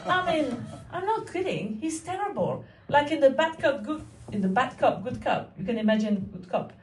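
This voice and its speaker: A woman's voice: on the high side, big pitch swings, normal speed, a little mellow, a little hiss or hum. A woman in her forties performing a stand-up comedy set, with wry, mock-innocent rhetorical asides and audience laughter behind her. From France. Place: comedy club stage. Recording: echoey room, mic at a distance.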